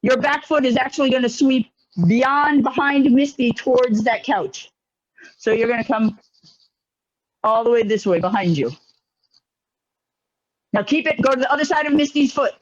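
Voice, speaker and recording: Guy running a karate class on a call, quick upbeat commands, kinda lo-fi sound. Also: very high-pitched. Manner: brisk, encouraging commands. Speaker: karate instructor. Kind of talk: online class instruction. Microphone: video call. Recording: lo-fi video call audio.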